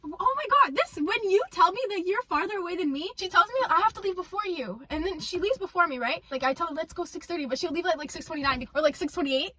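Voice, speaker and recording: A woman's voice: very high voice, expressive, quick pace, few pauses, bright, forceful tone. A teenage girl chatting casually with a friend, giggling and rambling as she defends herself. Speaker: co-host. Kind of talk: casual chat.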